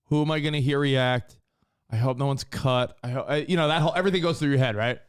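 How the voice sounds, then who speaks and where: A man in his thirties, co-hosting a casual podcast and telling stories in an animated way, swearing casually. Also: mid-range voice, fast talker, clear, resonant tone. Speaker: co-host.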